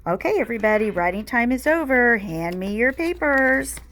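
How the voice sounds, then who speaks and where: A woman's voice: fairly high pitch, sing-song, normal speed, a bit bright, voice pushed up. A woman voicing a patient but firm female schoolteacher in a storybook read aloud, in an orderly classroom tone. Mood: firm teacherly.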